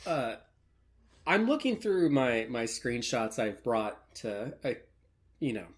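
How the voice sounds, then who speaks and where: Slow talker rambling thru a funny story on a podcast. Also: medium pitch, very animated. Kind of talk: casual comedic chat.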